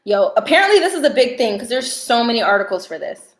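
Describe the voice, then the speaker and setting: A woman's voice: a little high, very animated, fast talker, reverberant, poor audio. A young woman, chatting casually with viewers during a tarot livestream. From New York.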